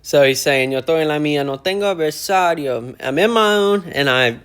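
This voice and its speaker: A man teaching casually, breaking phrases down slowly and repeating them word by word as he explains their meaning. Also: on the high side, lively intonation, fairly bright tone, clean tone. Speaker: language teacher explaining song lyrics. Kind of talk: casual lyric breakdown lesson.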